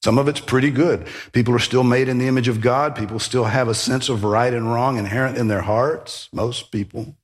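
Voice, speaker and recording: A man's voice: mid-range voice, fairly even intonation, brisk, hardly any pauses. A man preaching a sermon, emphatic, with rhetorical questions and sudden rises in emphasis. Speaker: pastor.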